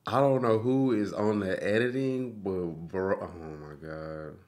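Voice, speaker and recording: A man's voice: fairly low pitch, unhurried, darkish tone. A man hosting a music reaction video, chatting casually and saying "bro" a lot. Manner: laid-back, says "bro" a lot, chuckles.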